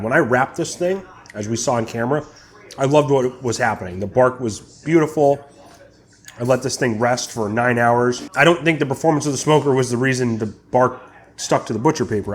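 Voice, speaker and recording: A young man hosting his barbecue channel, chatting casually while tasting brisket and sometimes talking with his mouth full. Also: mid-range voice. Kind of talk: casual cooking vlog, tasting and reviewing.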